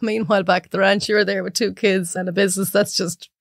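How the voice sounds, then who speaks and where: Irish woman, 30s, lively storyteller who mimics others, dry close mic. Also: fast, vocal fry, dry recording. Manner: animated storyteller acting out clients in high voices. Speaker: podcast guest. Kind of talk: casual chat.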